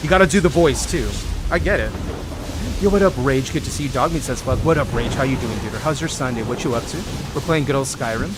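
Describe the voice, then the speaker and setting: A man with an accent, live-streaming a game and chatting casually, reading viewer messages aloud with animated asides. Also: medium pitch, fast, rough recording. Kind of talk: live-stream chat while gaming. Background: game music.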